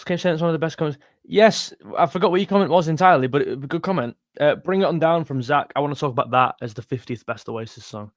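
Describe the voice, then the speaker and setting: A man's voice: on the high side, fast, hardly any pauses, no room sound. Young guy on a livestream, chatty and jokey, dry close sound. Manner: chatty and jokey, calls viewers mate. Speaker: music channel host reading live chat. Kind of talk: casual livestream chat.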